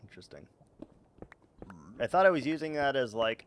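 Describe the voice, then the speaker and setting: A man's voice: on the low side, very animated, a little fast, pauses often, soft background music. A young man streaming a game, chatting casually to his chat in a rambling, joking, self-mocking way with frequent chuckles.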